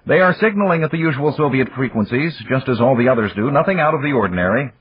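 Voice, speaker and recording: A man voicing a quiet, earnest young male Venezuelan astronaut who speaks formally. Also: mid-range voice, lively intonation, fast, husky, no room sound, pitched above the performer's own voice. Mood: matter-of-fact. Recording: dull lo-fi dry recording.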